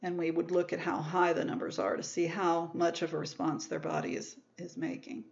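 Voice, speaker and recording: A woman's voice: lowish voice, level tone, fairly quick, creaky, muffled recording. A woman giving a recorded microbiology lecture, explaining step by step and rephrasing herself. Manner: explanatory, repeats and rephrases terms, self-corrects.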